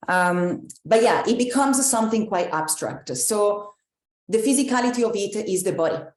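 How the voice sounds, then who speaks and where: A woman with an Italian accent gives a live, reflective talk to an online group as a movement coach, with many pauses and restarts. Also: mid-range voice, animated, echoey room. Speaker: embodiment coach.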